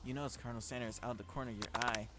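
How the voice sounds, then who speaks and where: A man's voice: medium pitch, steady tone, rapid-fire, heavy background noise. A man streaming a dating-sim game, reading the text aloud and reacting with laughter and lots of fillers. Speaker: gaming streamer.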